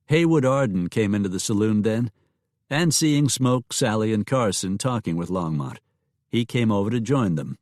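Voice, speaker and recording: A man narrating a Western novel as an audiobook, in a steady, measured read. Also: lowish voice, no room sound, studio quality.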